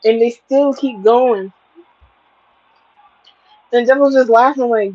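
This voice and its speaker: A woman's voice: a little high, slow pace, long pauses, warm tone, no echo. A woman tarot reader giving a spiritual livestream reading, talking in an emphatic, preachy, plain-spoken way, over dull lo-fi audio.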